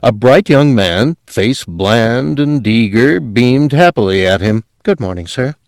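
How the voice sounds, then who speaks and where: A man reading a story aloud as narrator, measured and steady, dropping quiet at moments. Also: medium pitch, dry recording, clean studio sound. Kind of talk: audiobook narration.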